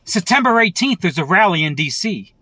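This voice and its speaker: A man vlogs an angry political rant, cursing freely and circling back over the same points. His voice sits high for a man. The sound is close and dry, with no room behind it. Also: big pitch swings, fairly quick, sharp tone, no room sound. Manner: profane, heated, repetitive. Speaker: vlogger.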